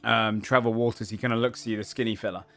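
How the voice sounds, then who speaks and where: A man's voice: on the low side, steady tone, fast talker, vocal fry, a bit bright, soft background music. A man narrating a tabletop game as game master, speaking casually and filling his lines with "um" and "kind of". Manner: casual, many fillers and hedging "kind of".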